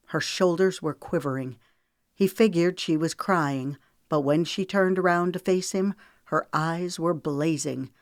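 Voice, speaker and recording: A woman, the author, reading her novel aloud in a steady storytelling cadence. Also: low voice, measured pace, no room sound, studio quality. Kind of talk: audiobook narration.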